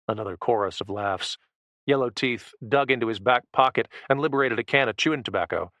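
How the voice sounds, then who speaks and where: A man narrating a first-person action thriller audiobook with a low, tense, steady delivery. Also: normal speed, dry recording.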